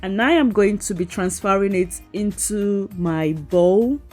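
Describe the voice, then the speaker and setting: A woman's voice: medium pitch, a little slow, a little mellow, soft background music. A woman cooking vlogger chatting playfully to her viewers, teasing and giggling as she talks them through a recipe. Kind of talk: voice-over cooking demo.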